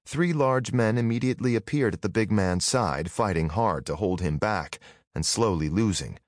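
Low, expressive male audiobook narrator. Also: moderate pace, no echo, clean studio sound. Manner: expressive storytelling. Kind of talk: scripted narration.

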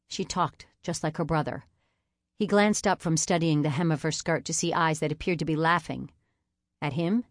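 This is scripted narration of a novel, read by a female audiobook narrator in a calm, even storytelling style. Her voice is low, and the studio-quality recording carries no room sound.

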